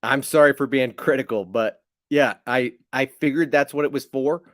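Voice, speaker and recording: A man's voice: mid-range voice, moderate pace, no echo, studio quality. Chatty man rambling on a livestream. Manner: rambling, chatty, teasing a viewer. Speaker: channel host. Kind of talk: casual livestream chat.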